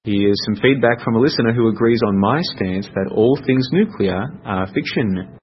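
A man's voice: lowish voice, normal speed. A man hosting a casual solo podcast, chatty and rambling, often correcting himself. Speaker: podcast host. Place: home room. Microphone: computer mic. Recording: dull lo-fi audio with faint noise.

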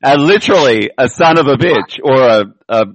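A man's voice: mid-range voice, expressive, no echo, low-quality recording. Chuckling man in casual chat. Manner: chuckling, halting delivery.

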